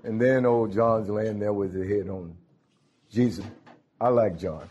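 A man's voice: on the low side, a little slow, a little mellow, lo-fi sound, slight background noise. A man preaching a sermon, calling out to his congregation. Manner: folksy, calls out to the congregation.

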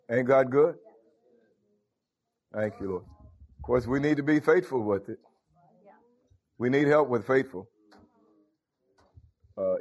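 A man's voice: medium pitch, a little mellow, lo-fi sound. A man preaching an informal sermon to a small congregation, calling out to members by name.

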